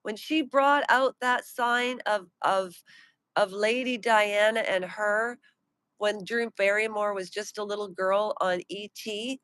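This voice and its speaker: Indignant woman ranting, slow and dry. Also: mid-range voice, steady tone, a bit bright, dry recording. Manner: indignant, mocking, slows down to stress points. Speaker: pop culture commentator. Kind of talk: opinionated live-stream rant.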